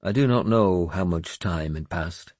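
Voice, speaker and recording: A man narrating a first-person audiobook in a measured, expressive way on a close studio mic. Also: low-pitched, no room sound.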